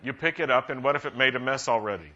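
Bright-voiced man preaching a practical sermon. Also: medium pitch, fast. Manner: conversational, practical, rising animated emphasis. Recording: dull lo-fi sound.

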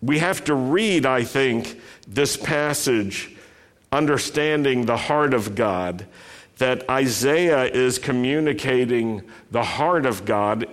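A man preaching a sermon, speaking deliberately and lifting his voice when he reads a passage aloud. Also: mid-range voice. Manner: slow, deliberate delivery with emphatic rising quotations.

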